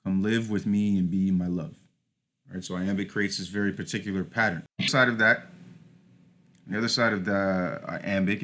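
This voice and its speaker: A man's voice: deep voice, bright, forceful tone. A man teaching a class over slides, explaining step by step with frequent "all right" and "uh" fillers. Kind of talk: recorded lecture over slides.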